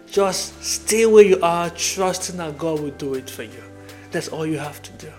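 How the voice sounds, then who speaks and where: A man preaching a devotional podcast sermon, earnest and repetitive, reading Bible verses aloud. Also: a little high.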